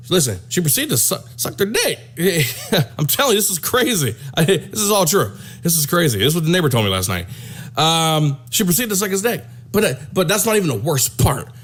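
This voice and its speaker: A man telling a crude comic story, rambling and repeating himself with animated delivery. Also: a little high, normal speed. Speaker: comedian storyteller.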